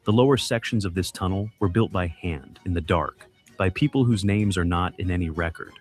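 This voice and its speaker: A man giving scripted dramatic mystery narration, measured and suspenseful, delivered in short clipped phrases. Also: deep voice.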